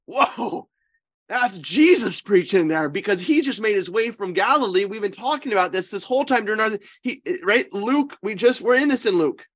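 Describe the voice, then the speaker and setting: A man's voice: sits high, animated, brisk, hardly any pauses, a bit bright. A man, a priest, leading an informal Bible study. He speaks emphatically, keeps checking in with his listeners and often restarts or corrects himself mid-sentence. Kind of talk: informal scripture teaching.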